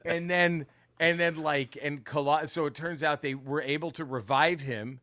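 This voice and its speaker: A man co-hosting a casual podcast, retelling comic book plots in an animated, profane way with lots of restarts. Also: a little high, normal speed. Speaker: podcast co-host.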